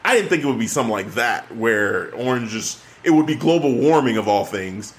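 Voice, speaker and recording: A man co-hosting a casual chat, talking with excited, rambling enthusiasm and frequent restarts. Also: mid-range voice, fairly quick. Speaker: podcast co-host.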